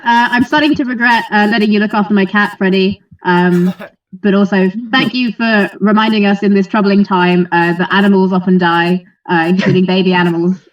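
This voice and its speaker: A young woman MC hosting a comedy night from a small closet, chatty and giggly with dry asides. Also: mid-range voice. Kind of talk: hosting a comedy show over a video call. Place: small dark closet lit by candles. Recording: distant lo-fi laptop mic.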